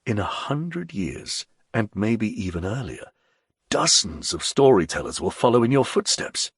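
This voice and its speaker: A composed nobleman talks in a low-key, measured and reassuring manner, as a male narrator voices him. His voice is husky with a gravelly edge, recorded close in a dry room. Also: big pitch swings, no echo, heavily acted. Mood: calm, measured. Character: calm, composed nobleman, quietly persuasive.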